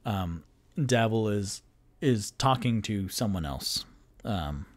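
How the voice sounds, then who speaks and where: A man's voice: lowish voice, animated, slow pace. A man narrating a solo tabletop game as game master, meandering with many fillers.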